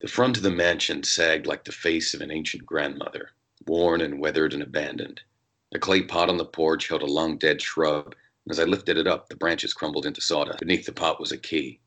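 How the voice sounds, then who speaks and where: A man reading as a jaded, hard-drinking male noir detective in an American accent, in measured, brooding first-person narration. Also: very deep voice, steady tone, a bit bright, heavily acted.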